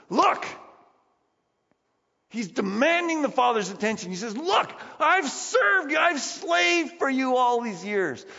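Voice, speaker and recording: Emphatic preacher in a reverberant church. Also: male voice, sits high, a bit bright. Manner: conversational, emphatic, acts out quoted lines. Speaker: pastor. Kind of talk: sermon. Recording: dull lo-fi sound, long hall reverb.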